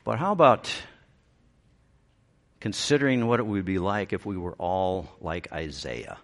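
A man's voice: sits low, lively intonation, a little slow. A middle-aged man preaching a sermon as pastor, swinging up to emphatic peaks and dropping into dry, self-aware humor.

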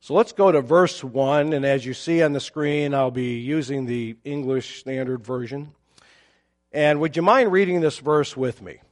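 Guy preaching in church, walks through a bible verse slow and careful, mid pitch, some uhs. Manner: measured explanatory teaching with fillers. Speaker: pastor. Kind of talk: Bible teaching sermon.

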